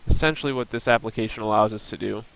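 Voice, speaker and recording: A man's voice: lowish voice, racing, vocal fry, fairly bright tone, smooth, poor audio. A young man giving a recorded class presentation, plainly explaining and walking through a screen demo with the odd um and uh. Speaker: student presenter.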